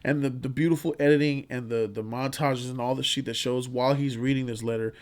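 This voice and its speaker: A man's voice: medium pitch, steady tone, a little fast, a little mellow. A man hosting a casual movie review vlog, rambling, profane and enthusiastic.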